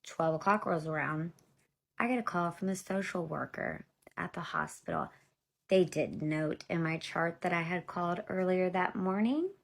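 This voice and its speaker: Talking at a moderate pace with vocal fry in a lowish voice, a woman in her thirties gives a casual storytime monologue about herself. She speaks straight to viewers as y'all, in a blunt, profane, exasperated way.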